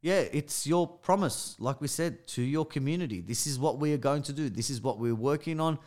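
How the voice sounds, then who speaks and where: A man's voice: on the high side, moderate pace, darkish tone. A man with an Australian accent co-hosting a casual podcast, talking emphatically and often addressing listeners directly. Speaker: podcast co-host.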